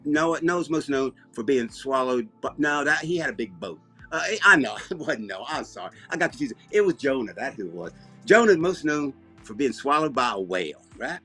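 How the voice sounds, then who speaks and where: A man with an Alabama Southern accent, hosting a comedy show and rambling deadpan through comic banter. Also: medium pitch, normal speed, breathy edge, soft background music. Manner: rambling, deadpan, self-interrupting.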